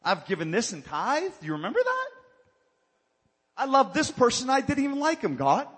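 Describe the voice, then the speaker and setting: A man voicing a whining believer who pleads with God in a high, loud, complaining voice. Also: wildly swooping pitch, normal speed, breathy edge, long reverb tail, heavily acted.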